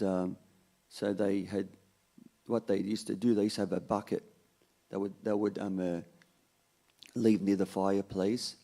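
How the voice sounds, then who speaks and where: A man's voice: fairly low pitch, vocal fry, mellow. A man giving a conversational Ramadan sermon, telling a story and often restarting his sentences. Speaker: religious lecturer.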